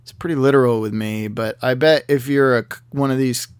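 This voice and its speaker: A man giving a comedic, rambling monologue as a vlogger, talking in a dry, halting way with many fillers and restarts. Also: mid-range voice, fairly even intonation, clean tone, no room sound. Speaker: vlogger answering a magazine quiz.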